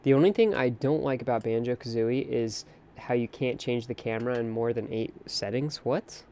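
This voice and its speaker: In a mellow, medium-pitched voice at a moderate pace, a young man runs a late-night game stream, talking freely, offering opinions, and reading out chat. A little hiss or hum is audible, along with faint background music.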